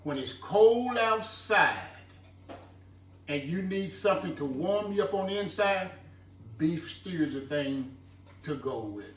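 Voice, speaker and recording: A fairly high-voiced man talks unhurriedly through a homemade stew recipe, peppering his talk with "look." He sounds a little distant from the mic, in an echoey home kitchen with a faint hum behind him. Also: expressive, unhurried, fairly bright tone. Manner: folksy, chatty, fond of saying "look". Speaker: home cooking channel host. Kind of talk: casual cooking demonstration.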